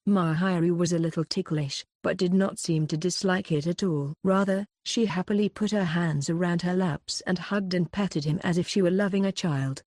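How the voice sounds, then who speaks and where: Mellow, steady woman narrator. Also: lowish voice, normal speed, hardly any pauses, no echo, studio quality. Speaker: audiobook narrator. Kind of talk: audiobook narration.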